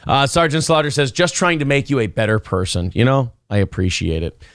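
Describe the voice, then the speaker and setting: A man's voice: mid-range voice, brisk, fairly bright tone, no room sound, clean studio sound. A man hosting a streamed morning talk show, riffing sarcastically and laughing often.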